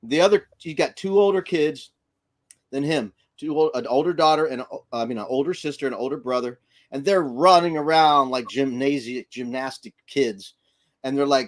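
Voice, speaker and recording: A middle-aged grandfather co-hosting a casual livestream chat, telling animated family stories and acting out voices. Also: mid-range voice, fairly quick. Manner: animated storyteller who acts out voices. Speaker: livestream co-host.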